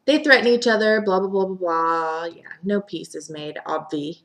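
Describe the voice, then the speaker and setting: A woman's voice: fairly low pitch, normal speed, vocal fry, few pauses, a bit bright. A young woman casually recapping a soap opera as host, chatty and full of fillers, sometimes acting out quotes.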